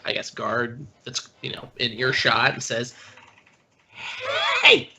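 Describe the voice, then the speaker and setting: A man playing a tabletop game who describes his character's actions in a halting way, full of fillers. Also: mid-range voice, level tone, background noise. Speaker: player.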